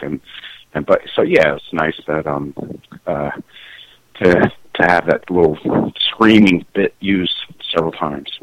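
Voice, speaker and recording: A middle-aged man, a musician, talking in a casual interview, halting and full of restarts and fillers. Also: low voice, a bit bright, poor audio. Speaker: musician guest.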